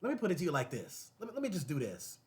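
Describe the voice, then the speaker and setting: A man's voice: a little high, rapid-fire. A man hosting his own show, talking casually and animatedly to the camera, repeating phrases and breaking into laughter. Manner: animated, repetitive, laughing asides. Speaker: show host.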